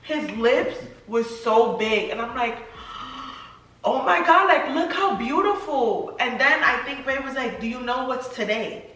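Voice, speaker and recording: A young woman with a bright, fairly high voice talks her way through a storytime in a chatty, filler-heavy manner that turns emotional. The recording is very echoey, with the mic some distance away. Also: lively intonation, moderate pace, few pauses. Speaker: vlogger, new mother. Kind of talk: storytime chat.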